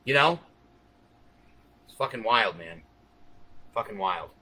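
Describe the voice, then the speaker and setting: A man's voice: on the low side, expressive, slow, pushed and bright, husky, poor audio. A man hosting a long livestream, talking straight to his viewers in a profane, rambling, conspiratorial monologue. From United States. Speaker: livestream host.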